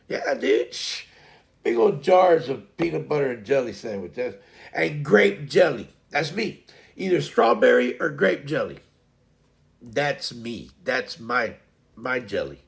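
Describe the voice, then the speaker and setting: In his fifties, this man hosts a live stream, chatting in a folksy, meandering way with many fillers and restarts. His voice is slightly high and has vocal fry.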